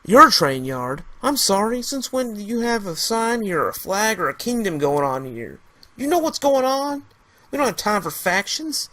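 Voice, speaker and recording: A man's voice: high voice, big pitch swings, normal speed, pushed and bright, voice pushed up, exaggerated voice. A man voicing a hot-tempered male survivor who talks back angrily and defiantly. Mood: angry. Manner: agitated, defiant.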